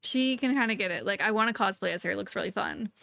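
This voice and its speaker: A woman's voice: mid-range voice, creaky, a bit bright, no echo. A young woman co-hosting a podcast in casual, playful chat, laughing often and jumping between tangents. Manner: playful, giggly, quick tangents. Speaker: podcast co-host.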